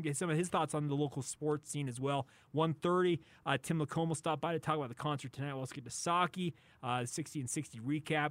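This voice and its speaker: A man's voice: a little high, a bit bright, no room sound. Male sports radio host, jokey and laughing, dry studio mic. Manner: laughs often, quick restarts, jokey. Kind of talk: casual sports radio banter. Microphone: studio microphone.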